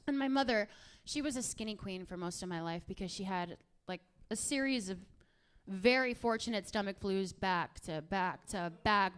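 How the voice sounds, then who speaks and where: A woman in her thirties from Miami doing a stand-up comedy set, with a crude, animated, swearing storytelling manner. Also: medium pitch, normal speed, smooth.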